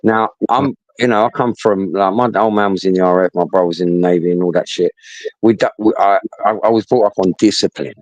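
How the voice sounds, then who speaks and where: A man's voice: sits low, steady tone, fast talker. The voice is a middle-aged man talking bluntly and swearing freely, circling back over his words as he tells a story. The sound is dry and close, with no room echo. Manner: blunt, sweary, repeats himself. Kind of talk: casual storytelling.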